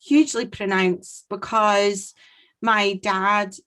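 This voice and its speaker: A woman's voice: mid-range voice, fairly even intonation, takes it slowly, fairly bright tone. A Scottish woman co-hosting a podcast in casual chat, laughing and a little flustered. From Scotland. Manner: laughing, flustered, self-deprecating. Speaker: podcast co-host.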